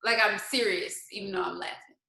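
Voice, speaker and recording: A gravelly yet bright mid-range voice, steady and forceful, belongs to a woman hosting an informal live-stream pep talk from her home. Speaking fairly quickly, this motivational host poses rhetorical questions and pairs faith-based encouragement with colloquial asides and frequent laughter. The audio is poor and reverberant.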